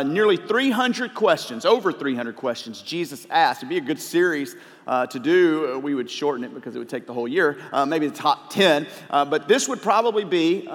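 Man preaching a sermon, slightly high voice, casual fillers, echo of a big church hall. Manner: conversational, with filler "uh"s, building to emphatic preaching. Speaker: pastor. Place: church sanctuary. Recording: long reverb of a large hall.

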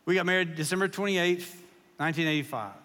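Guy in his 50s preaching, high bright voice, folksy jokes, big echoey church. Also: fast. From Kentucky. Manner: folksy, joking, animated storytelling. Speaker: guest preacher. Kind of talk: humorous sermon storytelling. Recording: long echo of a large hall.

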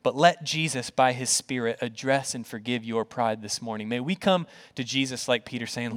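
At a moderate pace with few pauses, a mid-range male pastor preaches earnestly in a conversational way. He repeats words, poses rhetorical questions, and quiets to a soft voice for tender points.

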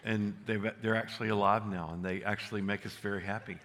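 A man's voice: lowish voice, fairly even intonation, fast talker, fairly bright tone, a little hiss or hum. An older man preaching a sermon, telling folksy stories and joking with the congregation. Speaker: pastor.

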